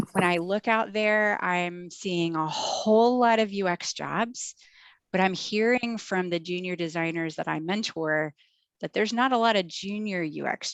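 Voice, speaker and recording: A woman running a livestreamed panel on a video call, talking in an upbeat, chatty way with plenty of fillers. Her voice sits a little low for a woman. The sound is dry and close, with no room echo. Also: fairly bright tone. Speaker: host and moderator.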